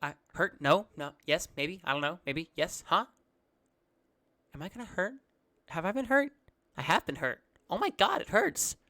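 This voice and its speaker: A frantic little kobold boy, voiced by a man at a tabletop game. The voice sits high and bright and keeps circling back over the same words. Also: very animated, normal speed, long pauses. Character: young kobold dragonborn boy, frantic, in pain.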